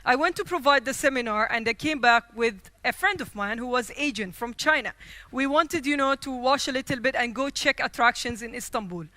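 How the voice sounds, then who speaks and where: Female keynote speaker, bright and forceful tone, dry close sound, animated storyteller who acts out quotes. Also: on the high side, brisk, no echo. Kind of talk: storytelling speech. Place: conference stage.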